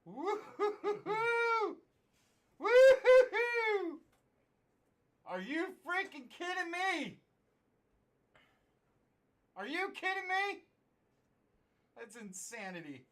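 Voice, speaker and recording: Host shouting in disbelief at card pulls. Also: high-pitched, very animated, takes it slowly, pauses often. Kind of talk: live card break commentary.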